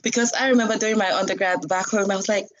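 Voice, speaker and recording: A woman's voice: mid-range voice, racing, lo-fi sound. A young woman, a student union president, chatting casually in a live discussion and telling stories with laughs. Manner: chatty, animated storytelling with laughs.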